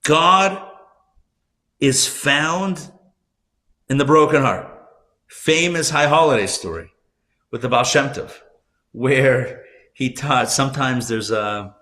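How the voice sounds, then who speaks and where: A man, a rabbi, teaching a live class, telling stories conversationally with asides and self-corrections, his voice swinging between loud emphasis and soft hushed moments. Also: mid-range voice, animated, slow. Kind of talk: live class lecture with storytelling. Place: class room at a community center.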